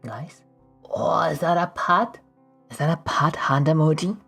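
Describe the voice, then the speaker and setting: A woman's voice: low voice, unhurried, vocal fry, fairly bright tone, breathy edge, soft background music. A woman streaming while she draws, chatting casually with viewers in a playful, goofy way and often laughing. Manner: playful and goofy, breaks into laughs and silly voices. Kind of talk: casual livestream chat while drawing.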